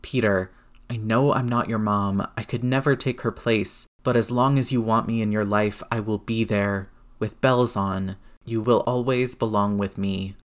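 A man's voice: fairly low pitch, fairly even intonation, normal speed, close to an everyday voice. A man reading aloud who voices a blunt, swearing, grieving middle-aged aunt comforting her nephew in a storybook reading. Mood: fierce tender.

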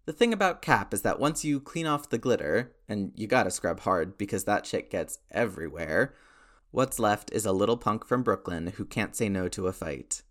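A man's voice: fairly low pitch, lively intonation, moderate pace, fairly bright tone. A man doing a cocky teasing soldier. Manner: teasing, wisecracking.

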